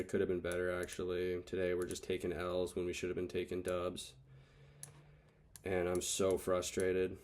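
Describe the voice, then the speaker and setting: A man's voice: low-pitched, darkish tone, a little hiss or hum. A man recapping his day trades over charts, frustrated and swearing as he thinks aloud. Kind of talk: casual screen-recorded trade recap.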